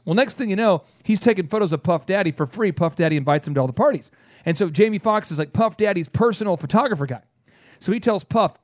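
Hosting a business radio show, a man with a bright, fairly high voice races animatedly through a long story, acting out people's words in quick bursts. The studio sound is close and dry, without echo.

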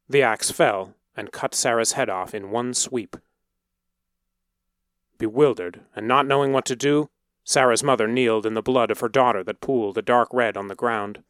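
A man narrating a story in a steady, measured reading voice. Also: medium pitch, dry recording, studio quality.

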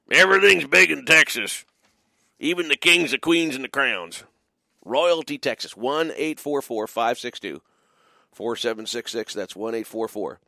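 A man's voice: mid-range voice, pushed and bright, no echo, clean studio sound. A middle-aged man hosting a call-in radio show, chatting in a rambling, playful way with lots of fillers and restarts. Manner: playful, mock-drawling asides. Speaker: radio call-in host and biker church pastor. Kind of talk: late-night call-in radio talk.

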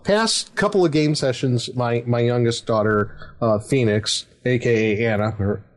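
A man's voice: mid-range voice, moderate pace. Rambling middle-aged man telling a game story. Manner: rambling, chuckling, many fillers. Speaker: dungeon master, podcast host. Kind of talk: casual storytelling chat.

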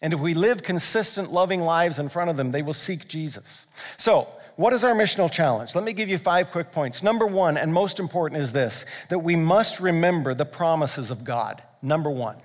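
A man's voice: a little high, lively intonation, moderate pace. A male pastor preaching a sermon, earnest and building to fervent emphasis. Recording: long hall reverb.

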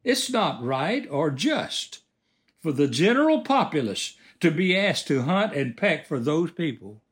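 A man delivers a moral monologue in a lecturing, emphatic way. He speaks slowly and swings his pitch widely, over a fairly high voice. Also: sing-song.

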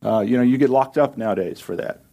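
A man delivers a Bible teaching sermon in a conversational, emphatic way. His voice sits in an ordinary middle register, and he lifts it for animated asides before settling back into steady explanation. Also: medium pitch, fast talker, vocal fry, dull audio. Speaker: pastor.

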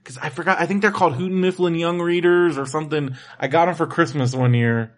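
A man's voice: a little high, fairly even intonation, quick pace. A man co-hosting a casual chat, rambling with lots of restarts and fillers. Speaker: podcast co-host.

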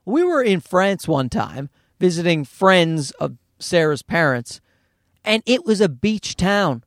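A man telling a comedic story as a parent, animated and profane, with ranting asides. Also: high-pitched, slow pace, no echo, clean studio sound. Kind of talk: comedic monologue.

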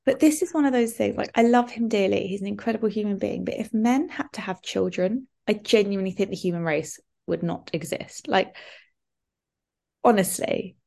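Gravelly chatty woman. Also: medium pitch, moderate pace. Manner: animated storytelling, lots of "like". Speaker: podcast co-host. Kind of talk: casual chat.

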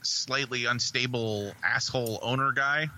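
A man co-hosting a podcast, reviewing a movie in a rambling, profane, excitable way. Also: medium pitch, unhurried, low-quality recording. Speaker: podcast co-host. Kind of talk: casual movie review chat.

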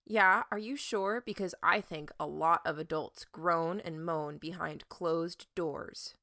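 Woman reader as a teenage boy for an audiobook: whiny, sarcastic brat, slow deliberate delivery, dry sound. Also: on the low side, gravelly, bright, forceful tone, no room sound, exaggerated voice. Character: bratty mischievous teenage boy.

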